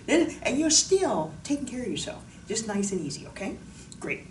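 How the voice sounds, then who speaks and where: A woman's voice: mid-range voice, big pitch swings, fast, far from the mic. Bubbly woman fitness instructor, roomy sound. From Pacific Northwest of the US. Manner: bubbly, jokey, chatty. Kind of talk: casual exercise demonstration. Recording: roomy echo, voice from off the mic, faint noise.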